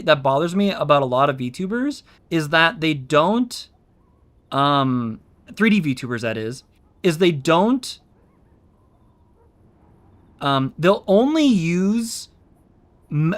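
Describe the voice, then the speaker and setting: A male VTuber speaks slowly in a sing-song, fairly bright voice that sits on the high side. Chatting casually on his stream through his own mic, he rambles and explains with many ums and restarts.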